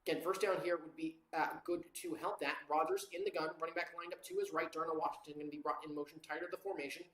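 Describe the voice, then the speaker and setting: Calling the live game for watchalong viewers from home, the amateur play-by-play commentator is casual and rambling, full of fillers and quick self-corrections. His middling, fairly bright voice has fairly even intonation and echoes around a roomy room.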